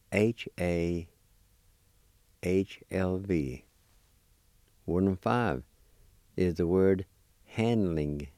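A man teaching vocabulary, spelling and sounding out each word slowly and patiently, repeating it for learners. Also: deep voice, mellow, smooth, no room sound, clean studio sound. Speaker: language teacher. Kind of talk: slow spelling and pronunciation drill.

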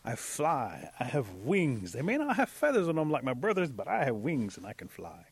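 A man doing a sly greedy little bat, boastful and wheedling, storybook animal voice, slow and a bit higher. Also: huge pitch swings, husky, no echo, heavily acted.

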